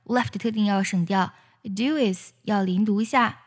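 A woman, a native Chinese speaker, teaching the pronunciation of English song lyrics: she explains linked and dropped sounds, then sings each line slowly. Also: mid-range voice, big-room sound.

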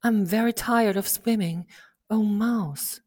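A woman's voice: medium pitch, slow, a little mellow. A woman voicing a curious, polite young girl in a storybook reading, talking earnestly. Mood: pleading. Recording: long hall reverb.

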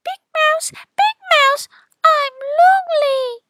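A woman's voice: very high voice, takes it slowly, very noisy. A woman voicing a small, timid young mouse who keeps pleading for help, in a children's radio drama. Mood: lonely. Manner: pleading, repeating calls for help. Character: small timid male mouse, anxious and clingy.

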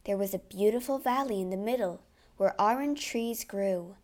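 A woman narrating a classic adventure storybook in a clear, expressive read-aloud manner. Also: mid-range voice, moderate pace.

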